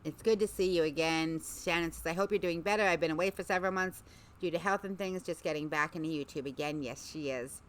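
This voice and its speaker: A woman hosting a casual livestream chat, talking warmly and a little scattered as she reads out viewer comments. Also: deep voice, quick pace. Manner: chatty, reads viewer comments aloud, breaks off to call her dog. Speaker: livestream host.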